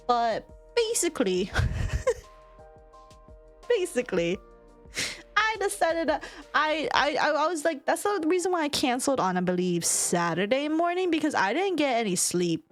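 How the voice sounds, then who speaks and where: A woman's voice: high-pitched, very animated, a little slow, faint music behind. A young woman streaming casual chat from home, rambling, laughing often and swearing. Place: home room.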